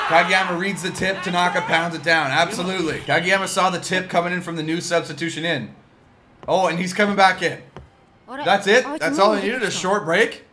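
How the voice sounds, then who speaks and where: A man giving casual, excitable reaction commentary on a sports anime, breaking into cheers at big plays. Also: high-pitched, normal speed. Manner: excited outbursts cheering the play. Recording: music playing behind.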